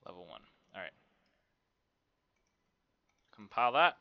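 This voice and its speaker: A man's voice: fairly low pitch, big pitch swings, measured pace, gravelly, no room sound, dull audio. A man casually talking through a game development tutorial, rambling to himself with many fillers. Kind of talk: casual screen-recorded tutorial.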